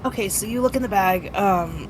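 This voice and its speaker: A woman's voice: medium pitch, moderate pace, noisy background. A woman game master casually explaining checks and describing scenes in a tabletop game.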